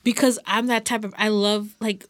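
A woman's voice: medium pitch, little pitch movement, moderate pace, no room sound. Rambling young woman in casual chat. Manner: rambling, heavy use of filler words. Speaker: podcast guest.

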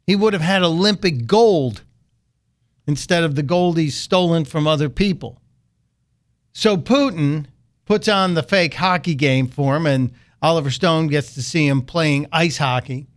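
A man's voice: on the high side, measured pace. Sarcastic male talk radio host. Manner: sarcastic, mocking.

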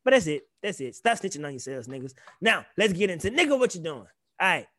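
A young man co-hosting a podcast, ranting in animated, profane casual chat. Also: high-pitched, fast, slight background noise. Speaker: podcast co-host.

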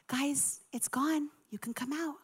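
Brief: a gentle, hushed desk clerk, done by a woman telling a story, high and soft-spoken. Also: big pitch swings, very fast. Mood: soothing. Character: calm, kindly motel front desk clerk, woman.

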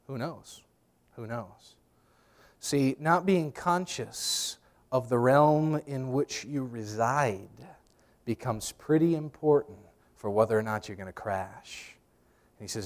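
A man preaching a sermon, telling lively personal stories, acting out voices loudly and often repeating words as he restarts. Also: mid-range voice, slow pace, pauses often. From New York. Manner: animated storyteller, acts out voices loudly. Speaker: pastor. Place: church sanctuary.

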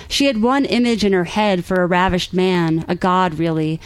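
Woman reading fiction aloud, lowish voice. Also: normal speed, hardly any pauses, clean tone, no room sound, low-quality recording. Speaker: author reading her work.

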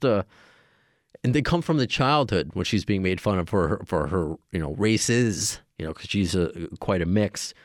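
A man hosting a podcast, wrapping up the show in a rambling, halting way with many fillers. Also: lowish voice, no room sound, studio quality. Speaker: podcast host. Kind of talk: casual podcast outro.

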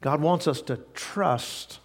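Gravelly man preaching in a reverberant hall. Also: a little high, unhurried. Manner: earnest, repetitive emphasis with folksy anecdotes. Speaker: pastor. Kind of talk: sermon. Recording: long reverb of a large hall.

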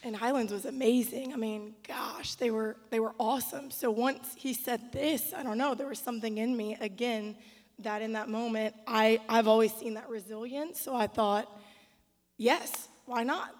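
A woman's voice: on the high side, steady tone, moderate pace. A woman, a pastor's wife, telling a story conversationally as she chimes in beside her husband. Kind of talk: casual storytelling on stage. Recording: reverberant hall.

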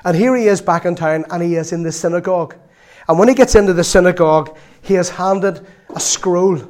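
A man's voice: high voice, a little fast, a little mellow. A man preaching a sermon in a chatty storytelling way, with laughs and asides.

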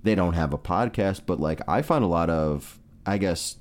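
A man's voice: low voice, expressive, moderate pace. A man in casual podcast chat, laid-back and encouraging.

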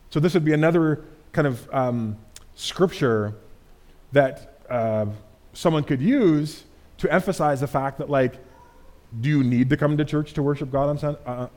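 A man preaching a sermon in a relaxed, conversational way, dropping in casual fillers. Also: on the high side, moderate pace. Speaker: pastor.

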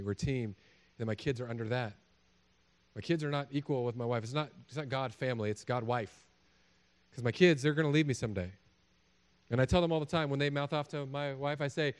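A man preaching a sermon as a pastor, telling jokey stories and acting out little voices. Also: medium pitch. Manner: animated, jokey storytelling with acted-out voices.

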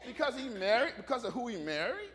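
A man's voice: extremely high pitch, big pitch swings, fast talker, a bit bright. A middle-aged male pastor, preaching a folksy sermon full of stories and calls for amens. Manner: folksy storytelling with call-and-response.

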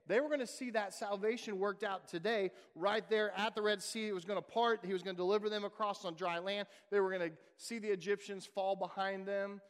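A pastor preaching a sermon with emphatic delivery, asking rhetorical questions and answering them himself. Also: male voice, sits high, fairly even intonation, a little fast, hardly any pauses, smooth. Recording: long hall reverb.

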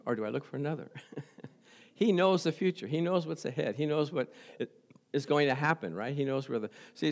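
Male pastor, middle-aged, loose conversational sermon, voice pitched a bit high, laughs often. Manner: conversational preaching with frequent laughs and "praise the Lord".

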